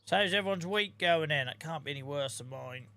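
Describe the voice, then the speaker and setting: Bright-voiced Norfolk man streaming a game. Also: a little high, a little fast. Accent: Norfolk English. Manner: chatty, swears freely, greets viewers by name. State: tired and sore. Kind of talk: casual live-stream chat while playing.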